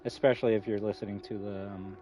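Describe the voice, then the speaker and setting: A man's voice: fairly low pitch, fairly even intonation, quick pace, dark tone, slight background noise. A man live-streaming a game, talking casually and rambling, swearing often and restarting his sentences. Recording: slightly muffled with faint music.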